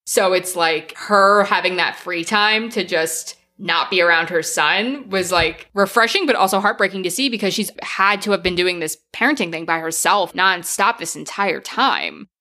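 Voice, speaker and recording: Bright-voiced chatty woman podcaster. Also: fairly low pitch, normal speed, few pauses. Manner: chatty, lots of "like" fillers, acts out quotes. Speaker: podcast co-host. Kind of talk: casual film recap chat.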